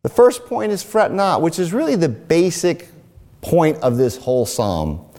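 Older male preacher, high and animated, long hall reverb, emphatic sermon delivery. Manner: emphatic, deliberate, repeats key phrases. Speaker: pastor.

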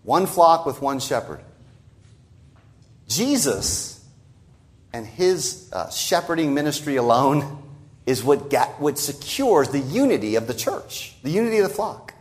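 Emphatic male preacher, higher voice. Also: very animated. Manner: emphatic, rising on key phrases and dropping low at the ends of lines; repeats words for stress and quotes scripture in a slowed voice. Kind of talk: expository sermon.

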